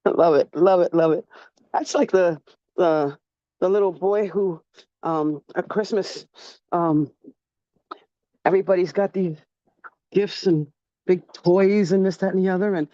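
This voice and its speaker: A woman hosts an online sharing circle and speaks at an unhurried, drawn-out pace. She is effusive and keeps repeating her thanks. The sound is dry and a little dull over the video call. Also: on the low side, dark tone, no room sound. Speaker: meeting facilitator. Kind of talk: casual group sharing.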